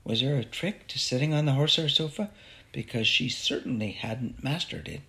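Gravelly male storybook narrator. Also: medium pitch, normal speed, bright, forceful tone. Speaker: audiobook narrator.

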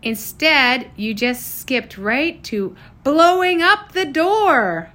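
Woman doing a feisty young girl, higher voice, lively pitch, storybook. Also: slow pace, full character voice. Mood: indignant. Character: bright determined young girl inventor.

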